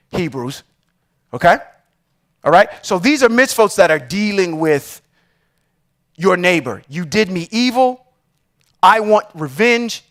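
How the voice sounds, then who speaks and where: A man teaching Torah on a live stream, reading verses slowly and with emphasis, then explaining them with frequent "okay?" check-ins. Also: fairly high pitch, fairly bright tone. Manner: reads verses slowly and emphatically, then comments with rhetorical questions.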